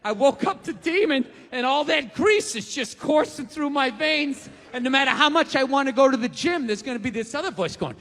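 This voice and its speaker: A man in his forties doing a stand-up comedy routine on a live stage, ranting, swearing and often shouting. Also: very high voice, expressive, a little fast, few pauses. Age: 40s. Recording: live show with reverb and crowd noise.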